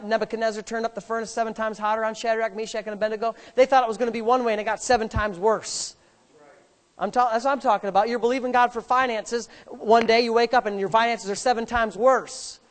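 A man preaching a sermon, swinging between loud, rising exhortation and low, rambling storytelling with folksy restarts. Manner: folksy, repeats himself, many restarts. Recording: long reverb of a large hall.

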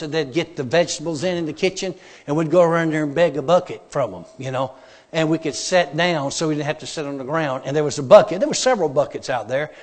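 A man preaching a testimony sermon in a folksy, emphatic storytelling way, his voice sitting a bit high for a man. It comes through a long, echoing hall reverb, as if in a church before a congregation.

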